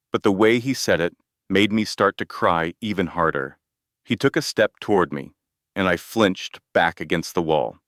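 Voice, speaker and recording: Brief: male narrator, very low voice, dry close sound, measured scripted delivery. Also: a bit bright, no echo. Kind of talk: scripted first-person story narration.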